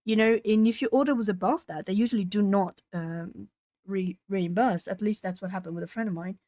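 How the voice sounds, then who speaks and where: A woman hosting a live art-channel stream, chatting casually with viewers and breaking into lively retold exchanges. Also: mid-range voice, fairly quick, no echo. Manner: chatty, talking to chat while colouring; animated when retelling stories. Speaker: YouTube art channel host. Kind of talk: casual livestream chat.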